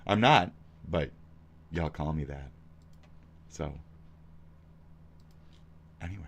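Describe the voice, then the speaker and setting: A man streaming reactions, combative and sarcastic, swearing and swinging from shouts to mutters. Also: very deep voice, slow, vocal fry. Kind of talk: profane reaction stream commentary.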